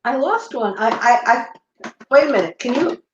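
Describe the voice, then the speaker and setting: A woman co-hosting a chatty show from home, animated and easily sidetracked. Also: a little high, moderate pace, reverberant, muffled recording, noisy background. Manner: animated, scattered, laughing. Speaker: podcast co-host. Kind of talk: casual chat. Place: home room.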